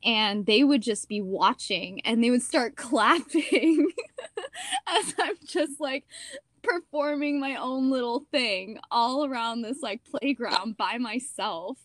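A young woman actor telling stories in a casual interview, chatty and animated, with lots of "like" and "you know". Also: a little high, takes it slowly, no room sound, studio quality.

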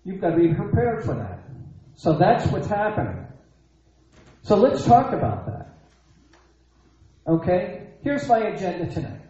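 A man's voice: high-pitched, very animated, measured pace, pauses often, dark tone. A man preaching a sermon, emphatic, repeating his phrases and asking rhetorical questions. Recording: echoey dull lo-fi sound.

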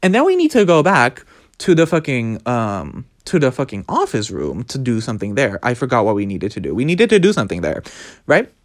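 In a casual vlog, a man recounts his trip to an escape room with dramatic, animated storytelling packed with swearing. His voice is mid-range and he talks fairly quickly.

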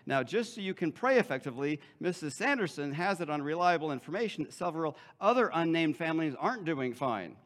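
A man's voice: fairly high pitch, animated, fairly quick, few pauses, fairly bright tone, long reverb tail. A pastor putting on a chatty churchgoing woman. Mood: breezy. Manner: overly upbeat, breezy small talk.

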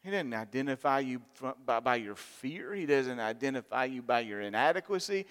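A middle-aged man preaching a sermon, swinging from loud, emphatic lines to soft, intimate asides. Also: mid-range voice, animated, fairly quick. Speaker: pastor. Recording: long hall reverb.

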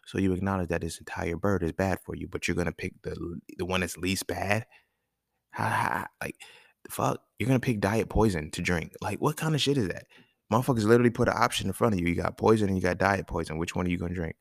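Male podcast host, very low gravelly voice, blunt profane rant, dry close mic. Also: a little fast, dry recording. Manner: blunt, profane, animated rants with rhetorical questions. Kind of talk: casual solo podcast monologue.

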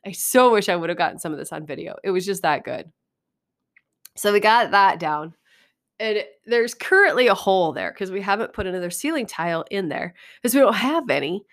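Middle-aged woman host, casual storyteller, frequent laughs and cursing, mid-pitched voice. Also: a little fast. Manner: laughing, swearing, animated storyteller. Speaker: podcast host.

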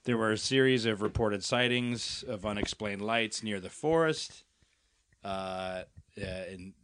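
A man's voice: fairly low pitch, measured pace, a bit bright, a little hiss or hum. A man co-hosting a podcast in casual, rambling chat with restarts and laughs. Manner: rambling, many restarts, laughs while talking. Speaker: podcast co-host.

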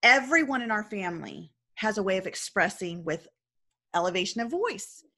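A woman's voice: medium pitch, big pitch swings, moderate pace, sharp tone. A woman coach talking earnestly in a casual discussion, telling a story and often checking in with "right?".

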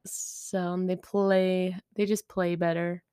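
A woman's voice: on the low side, flat delivery, slow, dark tone, clean tone, no echo, clean studio sound. A woman co-hosting a podcast in casual chat, laid-back and laughing easily. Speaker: podcast co-host.

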